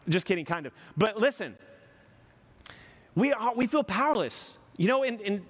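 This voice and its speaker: A man's voice: high voice, big pitch swings, moderate pace, long pauses, in a large hall. A man from the United States preaching a conversational, joking sermon as pastor.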